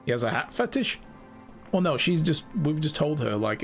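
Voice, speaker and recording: A man gives jokey let's-play commentary, reading game dialogue aloud as he goes. His voice sits a little high and swings widely, lively and playful. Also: normal speed, faint music behind. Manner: animated, jokey, reads game lines aloud. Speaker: game streamer.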